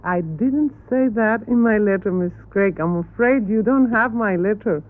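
A woman from Cuba, a native Spanish speaker with a Cuban Spanish accent, answering questions earnestly in halting English and correcting her questioners. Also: medium pitch. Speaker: interview guest. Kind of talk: televised panel interview. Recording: tinny archival broadcast audio.

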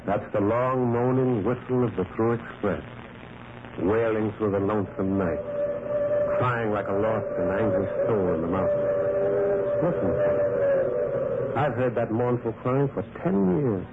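A man's voice: lowish voice, measured pace, long pauses. An actor playing a lonely man who lives alone and tells his story in a brooding, dramatic way, in an old radio drama. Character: lonely male prospector narrating his past. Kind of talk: 1940s radio acting. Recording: tinny lo-fi old radio broadcast with faint hiss.

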